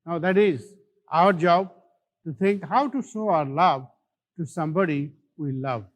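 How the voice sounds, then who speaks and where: Indian english preacher guy, higher voice, takes his time, stresses words hard. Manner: slow, deliberate preaching with emphatic stresses. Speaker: pastor. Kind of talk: sermon.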